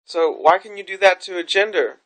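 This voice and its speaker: A woman's voice: fairly low pitch, brisk, fairly bright tone. A woman vlogging to camera, telling a story in a frank, rambling way with plenty of swearing. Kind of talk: candid vlog monologue.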